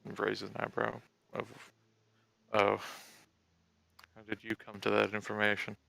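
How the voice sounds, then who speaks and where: Gravelly, flat-voiced male player. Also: fairly low pitch, unhurried, a little hiss or hum, poor audio. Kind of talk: tabletop game play.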